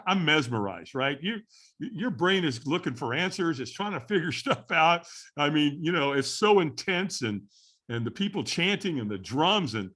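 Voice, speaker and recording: Lively, animated middle-aged man telling a story. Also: on the high side. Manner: animated storyteller who repeats phrases for effect. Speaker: podcast guest, firewalking instructor. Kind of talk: storytelling in a podcast interview.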